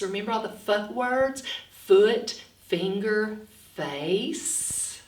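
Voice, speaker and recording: Woman, phonics teacher for children, unhurried, drawn-out letter sounds, roomy echo, distant mic. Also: mid-range voice, expressive. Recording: echoey room, voice away from the mic.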